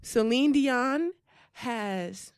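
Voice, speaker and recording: A woman's voice: a little high, drawn-out words, smooth, no echo, clean studio sound. A woman co-hosting a podcast in casual chat, jumping in and talking over her partner. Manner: interjecting, hyped, talks over her co-host. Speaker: podcast co-host.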